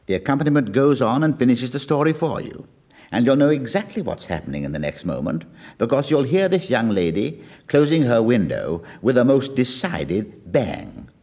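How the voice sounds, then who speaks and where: A man explains a song to his listeners, telling its tale with an animated, rising and falling voice. He slips into the characters' lines as he goes, and his speaking pitch sits in the middle range. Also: moderate pace. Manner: storytelling, lively, acts out quoted lines. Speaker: music lecturer. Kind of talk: explaining a song with acted quotes.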